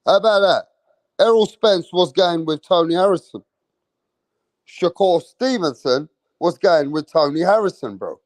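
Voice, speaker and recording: A boxing channel host runs a live stream, brash and profane, talking straight to his chat and bragging about his predictions. His voice is high and animated but a little slow, captured in a dry recording.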